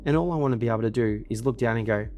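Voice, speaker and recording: A man's voice: mid-range voice, very fast, a little mellow, soft background music. A man, boasting and swearing in a casual monologue to camera from his desk, ending points with a pushy "okay?". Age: 20s. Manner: boastful and profane, keeps tagging "okay?". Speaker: email marketing business owner. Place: indoors at his desk in a villa.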